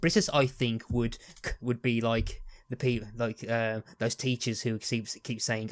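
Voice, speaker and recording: A man's voice: mid-range voice, level tone, measured pace, few pauses, dry recording. Brief: male host, casual rambling analysis, dead-dry recording. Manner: rambling, many restarts and fillers. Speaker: podcast host. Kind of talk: casual podcast chat.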